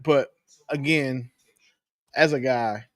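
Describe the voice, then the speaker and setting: A man co-hosting a casual podcast chat, explaining his thoughts in a halting, thoughtful way. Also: mid-range voice, no room sound, clean studio sound. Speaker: podcast co-host.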